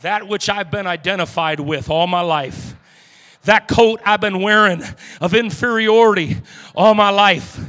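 A man preaching an impassioned sermon, acting out voices and swinging from shouts to hushed lines. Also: high voice, in a large hall. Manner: dramatic, acts out the beggar's inner voice, swings from shouting to hushed.

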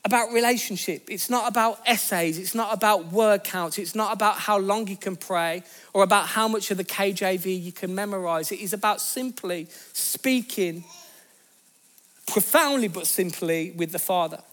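A man's voice: sits high, normal speed, a bit bright. A man giving a sermon, speaking in an earnest, conversational teaching way with repeated phrases. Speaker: pastor.

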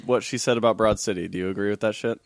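A man with a fairly low voice talks loosely as host of a casual chat, circling back on his words and cursing freely. The sound is dry and close, with no room around it. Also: steady tone, very fast, gravelly, no room sound. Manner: swears freely, rambling with restarts.

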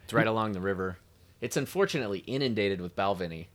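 A man in casual podcast chat, relaxed, with short agreeing replies. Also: on the low side, fast.

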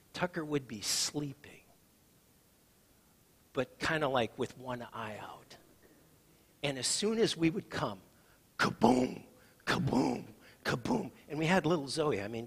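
Husky pastor preaching in a reverberant hall. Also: male voice, medium pitch, animated, measured pace. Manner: storytelling with shifts between loud and soft. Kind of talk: sermon.

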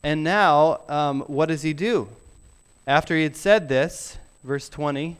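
Slow, clear-voiced male preacher. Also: on the high side. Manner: slow, emphatic preaching with soft drops to near whisper. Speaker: pastor. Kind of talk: sermon.

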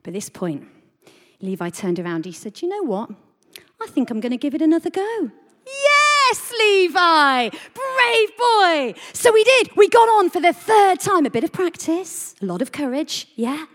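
A woman with a high, bright voice delivers an animated sermon, telling a family story and tossing questions out to the congregation. Her voice rings through a large hall with a long reverb. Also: moderate pace. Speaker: preacher. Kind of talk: lively sermon talk to a congregation. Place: church hall.

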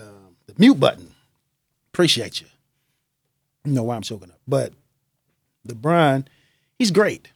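A man's voice: medium pitch, a little mellow, no echo, clean studio sound. A young man hosting a podcast, talking in a loose, joking monologue and laughing often. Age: young adult. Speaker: podcast host. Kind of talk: casual monologue.

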